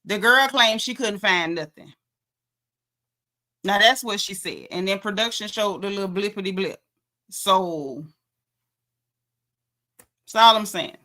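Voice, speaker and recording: Sassy, bright-voiced woman recapping reality TV. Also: medium pitch. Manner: sassy, animated, slangy gossip. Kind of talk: casual reality show recap commentary.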